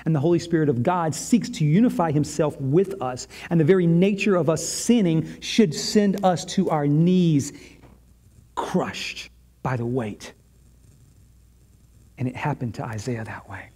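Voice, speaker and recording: A man preaching a sermon, retelling scripture dramatically with long pauses, moving from fervent loud passages to hushed whispers. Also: fairly high pitch, animated. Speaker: pastor.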